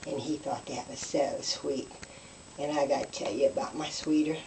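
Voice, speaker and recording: Woman comic, folksy deadpan storyteller, distant faint-hissy recording. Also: extremely low pitch, normal speed. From West Virginia. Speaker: comedian. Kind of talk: deadpan hillbilly stand-up routine.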